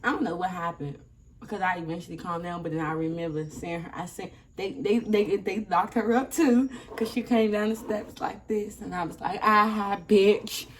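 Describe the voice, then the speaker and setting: Animated young woman telling a story. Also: on the low side, moderate pace, slight background noise. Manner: animated, profane, laughing storyteller. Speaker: vlogger. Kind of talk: casual storytime.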